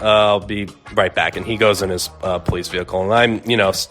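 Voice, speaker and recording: A man's voice: fairly low pitch, a little fast, soft background music. Laid-back young man telling a story. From Arizona, USA. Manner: relaxed, conversational, many fillers. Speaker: storyteller guest. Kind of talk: casual storytelling.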